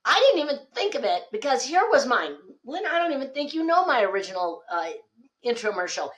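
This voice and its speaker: Animated woman telling stories. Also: a little high, fairly quick. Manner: animated storyteller, acts out quoted dialogue. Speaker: podcast guest, speaking coach. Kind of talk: lively podcast conversation.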